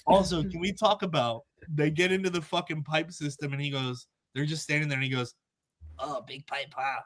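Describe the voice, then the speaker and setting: A young man in a casual podcast chat, excitable and swearing freely, acting out movie scenes. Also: a little high, fairly quick.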